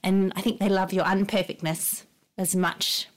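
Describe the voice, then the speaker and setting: A woman's voice: medium pitch, little pitch movement, moderate pace. A woman, a guest on a podcast, speaking in an earnest, reassuring and heartfelt way. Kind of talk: earnest conversational interview.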